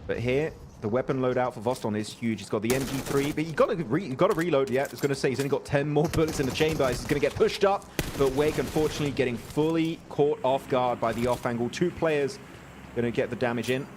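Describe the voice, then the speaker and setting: An English man casting a live esports match, chatty and quick to laugh. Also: mid-range voice, background noise. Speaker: esports caster.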